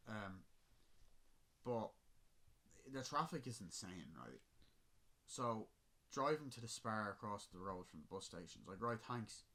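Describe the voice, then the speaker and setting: A man's voice: on the low side, very animated, unhurried, creaky, pauses often, sharp tone. A man with an Irish accent telling a long, rambling story on a casual podcast. He swears freely and laughs at his own tale. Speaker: podcast host.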